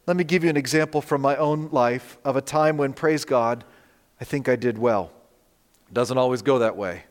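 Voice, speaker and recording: A man preaching a sermon, telling a personal story in a relaxed, conversational way while advancing slides. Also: medium pitch. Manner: storytelling, conversational, animated in quoted dialogue. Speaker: pastor. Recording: long hall reverb.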